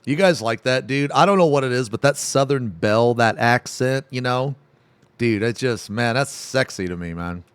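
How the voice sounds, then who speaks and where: A man's voice: medium pitch, normal speed, smooth, no echo. A man streaming live who chats casually to his viewers, rambling and heavy on fillers like "man" and "dude". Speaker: streamer reacting to videos. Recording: dry close mic.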